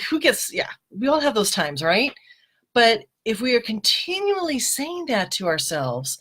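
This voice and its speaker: A woman's voice: fairly high pitch, a bit bright. Chatty woman hosting a live stream. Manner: chatty, laughs often, greets viewers by name. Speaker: host of a live mindset show. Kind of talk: casual live-stream talk. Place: home, live video broadcast. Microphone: webcam or phone.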